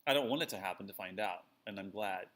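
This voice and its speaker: Low-voiced rambling man in casual chat. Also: fast, fairly bright tone. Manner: rambling, self-deprecating, with many fillers. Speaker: podcast co-host.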